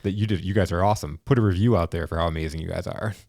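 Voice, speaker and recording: Male podcast host, very low voice, earnest and affirming, dry close-mic sound. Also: rapid-fire, gravelly, darkish tone, dry recording. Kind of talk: conversational podcast commentary.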